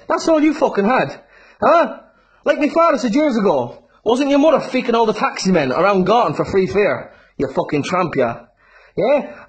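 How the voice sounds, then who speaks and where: Man, fighter's call-out video, taunting and profane, wide swooping pitch. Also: husky. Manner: insulting, swearing, constant "right?" and "yeah?" tags. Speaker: bare-knuckle fighter issuing a challenge.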